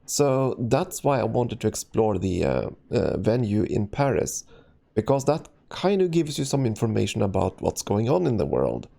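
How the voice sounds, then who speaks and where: A man's voice: on the low side, very animated, normal speed, gravelly, mellow. A man streaming a let's play, chatting casually and reading a story game's text aloud with frequent ums, restarts and chuckles.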